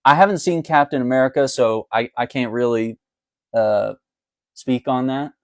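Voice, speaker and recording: Male commentator for a casual livestream chat, loose and laughing, mid pitch, dry close recording. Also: moderate pace, no room sound. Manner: chatty and conversational, laughs often. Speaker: political commentator.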